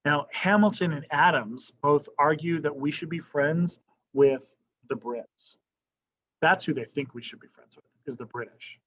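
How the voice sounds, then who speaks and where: A man's voice: fairly high pitch, measured pace, fairly bright tone, highs cut off. A male history teacher lecturing a class in a casual, conversational way, often checking in with "right?" and asking questions.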